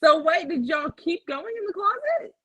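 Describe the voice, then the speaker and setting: A young woman co-hosting a casual chat, telling a story in a lively way and jumping high in pitch to act out what people said. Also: moderate pace, no room sound, rough recording. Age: young adult. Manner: animated, jumps high to act out quotes. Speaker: podcast co-host.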